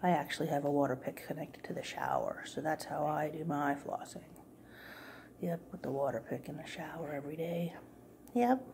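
Filming with a phone aimed at the floor, a woman cat sitter talks to a cat in a client's home in a low, creaky, slightly mellow voice at a moderate pace. She coos baby talk and now and then drops to a whisper, with slight background noise.

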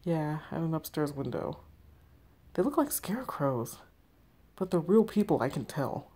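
A woman's voice: low-pitched, big pitch swings, unhurried, mellow, breathy edge, heavily acted. A woman reading as a frightened young woman in hiding. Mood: scared. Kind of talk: text story read aloud.

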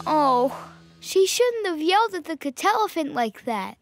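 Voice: very high voice, very animated, measured pace, music in the background, heavily acted. An actor voicing a cheerful, helpful little kitten in a children's cartoon. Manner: bright, encouraging.

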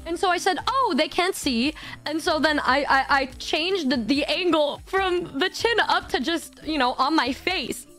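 Woman streamer in her 20s, high bright voice, giggly, swears a lot, stumbles over words, soft music under her. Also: moderate pace, few pauses. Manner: giggly, swears freely, stammers and repeats words. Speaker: vtuber streamer. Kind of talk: casual storytelling chat.

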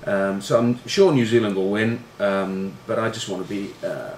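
A man's voice: fairly low pitch, normal speed, darkish tone. A middle-aged man, a former rugby player, telling stories casually, self-deprecating and swearing, with lots of fillers. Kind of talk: casual storytelling. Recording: roomy room echo with faint noise.

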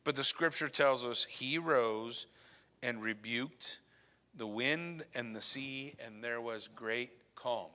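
Man, pastor, earnest sermon, hushed on key points, forceful tone, echoing church hall. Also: mid-range voice, slow pace. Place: church sanctuary. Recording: long church reverb.

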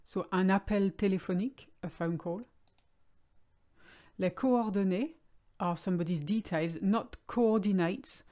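A woman teaching French vocabulary in a clear, explanatory way, slowing down on key words. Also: mid-range voice, warm tone. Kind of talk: language lesson.

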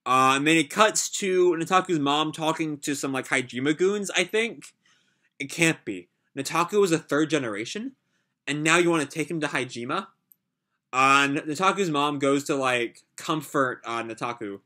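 A man's voice: fairly high pitch, normal speed, bright, forceful tone. A man casually reading a comic aloud and reacting to it live, with frequent filler "like"s.

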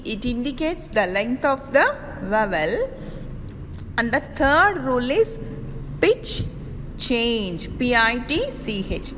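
A woman college teacher giving a recorded lecture, explaining slowly and deliberately and spelling words out letter by letter. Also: a little high, a bit bright, long reverb tail.

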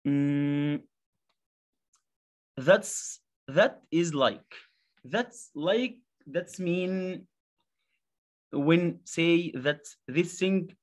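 Slow, halting Egyptian teacher. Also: male voice, on the high side. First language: Arabic. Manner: halting, many fillers and repeated words, drills pronunciation. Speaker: English teacher. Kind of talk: slow classroom explanation.

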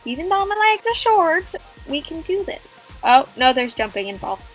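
A woman giving playful, excitable commentary while playing a game, gasping and joking as she goes. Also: very high-pitched, normal speed, faint music behind. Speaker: gamer.

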